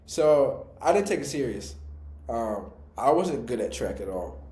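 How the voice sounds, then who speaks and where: Young male podcast co-host, warm low-key tone, easygoing slang, echoey room. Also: a little slow, a little hiss or hum. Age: young adult. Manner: relaxed, slangy, reflective. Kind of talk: casual storytelling.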